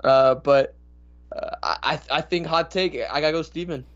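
A man co-hosting a casual soccer podcast, telling rambling, animated stories. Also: fairly high pitch, normal speed, highs cut off. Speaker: podcast co-host. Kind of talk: casual chat.

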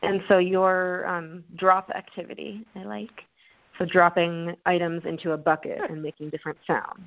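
Friendly guest woman with a lowish, gravelly voice who laughs often, heard over a phone line. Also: level tone, moderate pace. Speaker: guest speech therapist. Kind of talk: casual interview answers.

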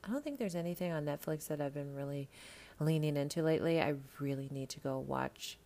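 A woman with a low voice hosts a podcast in loose, casual chat. She talks animatedly and swears freely, speaking straight to her listeners. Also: a little fast, dark tone. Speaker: podcast host.

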